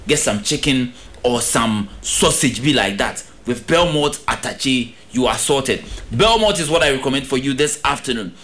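A man's voice: medium pitch, expressive, normal speed, fairly bright tone. A young Ghanaian man presenting a radio sports update, reading an ad with playful, upbeat salesman patter and plenty of repetition.

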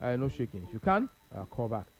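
A man's voice: medium pitch, very animated, fast talker, slightly rough, muffled recording. A male radio sports show host with a Nigerian Pidgin accent, repeating his points emphatically. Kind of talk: casual radio sports talk.

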